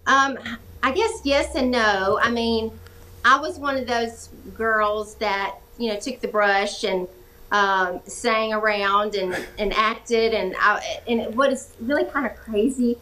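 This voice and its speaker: A young woman with a warm Georgia drawl talks as a guest on an interview show. Her voice is bright and sits a little high, and her delivery is lively and cheerful, with easy laughter. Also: takes it slowly, poor audio. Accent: Southern US, Georgia. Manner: animated and cheerful, laughs easily. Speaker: actress guest. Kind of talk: casual talk-show interview.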